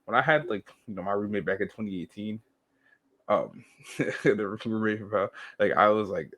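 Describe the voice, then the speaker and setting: A man's voice: fairly low pitch, normal speed, fairly bright tone. A young man co-hosting a podcast, chatting loosely in slang and profanity, with lots of "yo" and "bro". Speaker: podcast co-host. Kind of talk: casual podcast chat.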